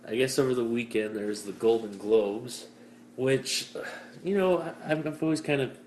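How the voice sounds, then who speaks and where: A man's voice: mid-range voice, moderate pace, darkish tone. A young man from Canada hosting a casual podcast chat, cynical and self-deprecating, rambling with fillers. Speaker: podcast host. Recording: echoey room, faint hiss.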